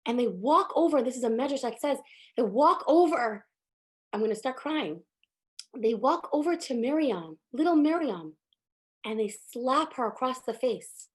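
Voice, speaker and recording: A woman teaching a religious lesson through emotive, animated storytelling, with many casual fillers. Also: high voice, normal speed.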